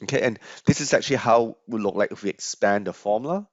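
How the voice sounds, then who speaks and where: A man's voice: on the low side, fast talker, no echo. A man lecturing on finance over slides, explaining step by step with frequent fillers and restarts. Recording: dry, slightly dull lo-fi audio.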